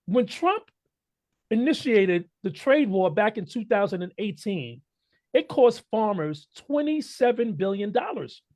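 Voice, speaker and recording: A high-pitched man speaks on a talk radio show as co-host. He lectures steadily and builds each point with figures and emphasis. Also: darkish tone.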